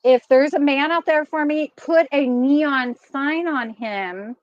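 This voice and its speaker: A woman's voice: sits high, slow pace, no echo, lo-fi sound. A middle-aged woman hosting a vlog, chatting casually and laughing often as she tells a story. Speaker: vlogger host.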